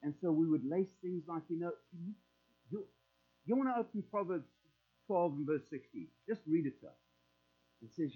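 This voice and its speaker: Middle-aged male preacher, high voice, folksy sermon delivery, tinny phone-line sound. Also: expressive, moderate pace. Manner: conversational and folksy, acting out prayers in quoted voices.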